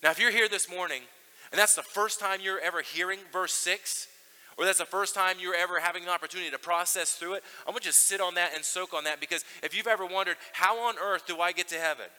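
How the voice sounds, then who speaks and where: A man's voice: high voice, fairly even intonation, fast, bright, forceful tone, long reverb tail, low-quality recording. A man preaching a sermon to a congregation in a casual, conversational way, with fillers and restarts. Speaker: pastor.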